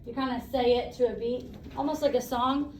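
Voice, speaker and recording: A woman teacher leading a classroom lesson, brisk and encouraging, asking the class questions. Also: high voice, steady tone, darkish tone, echoey room, far from the mic, slight background noise, rough recording.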